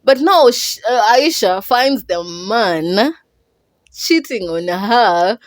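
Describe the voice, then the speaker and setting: A woman's voice: medium pitch, slow, no echo. Chatty Kenyan woman reviewing a movie. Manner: chatty, expressive, mixes English with Swahili. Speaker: podcast host and movie reviewer. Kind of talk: casual podcast movie review.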